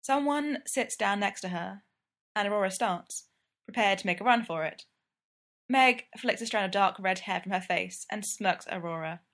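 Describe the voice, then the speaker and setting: A woman reading a story aloud in a calm, even voice of middle pitch. Her narration moves steadily between scenes without much drama. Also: normal speed. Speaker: story reader.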